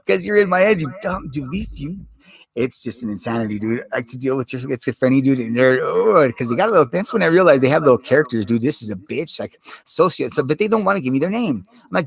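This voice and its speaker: A man's voice: mid-range voice, expressive, quick pace, gravelly, breathy edge. A man talking straight to the camera in a rambling personal monologue, intense and heavy on profanity, with many restarts.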